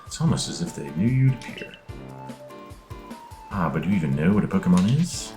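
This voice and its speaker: Brief: polite, fussy male game professor, read aloud by a man in a deep voice with a lively, sing-song lilt. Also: fairly quick, soft background music. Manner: read aloud from on-screen text in a mock-formal tone.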